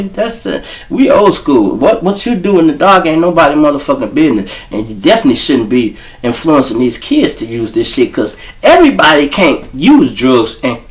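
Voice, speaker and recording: A middle-aged Chicago man spins a casual, profane story for his audience. His pitch swings up and down as he goes, and he keeps turning to talk straight at his listeners. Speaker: show host.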